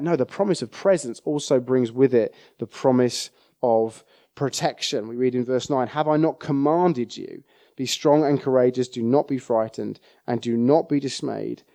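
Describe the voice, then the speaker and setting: A man delivers a sermon in a relaxed, chatty way, often turning to his listeners for agreement. His voice is mellow and warm, at an ordinary middle pitch. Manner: conversational, checks in with the audience often. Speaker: preacher.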